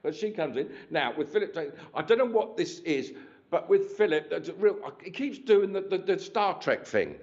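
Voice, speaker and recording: A man with a higher voice and a sing-song delivery performs a live mediumship demonstration in a church hall, speaking at a moderate pace. As a spiritualist medium, he's chatty and cheeky, joking with the congregation and often starting over. The sound is lo-fi and dull.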